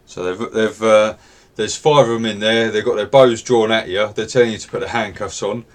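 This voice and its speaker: A man runs a tabletop game in a low voice. His talk is relaxed and rambling, full of ums and asides. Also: normal speed. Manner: relaxed and rambling, with many fillers. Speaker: game master.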